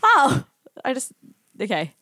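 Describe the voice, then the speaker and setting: A woman's voice: high-pitched, huge pitch swings, slow pace, pushed and bright, no echo. Giggly woman podcaster. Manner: giggly, rambling. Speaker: podcast host. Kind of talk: casual comedic chat.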